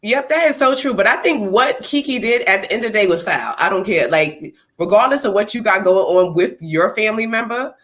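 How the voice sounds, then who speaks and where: A woman co-hosting a casual chat show, talking in an animated, opinionated way and sometimes slipping into playful quoted voices. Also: medium pitch. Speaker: co-host.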